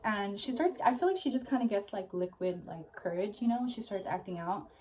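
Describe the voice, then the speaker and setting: A woman's voice: medium pitch, lively intonation, a little fast, warm tone. A young woman vlogger telling a story in a rambling, casual way, full of "like" and swearing, a little out of breath. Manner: rambling, heavy use of "like", swears freely.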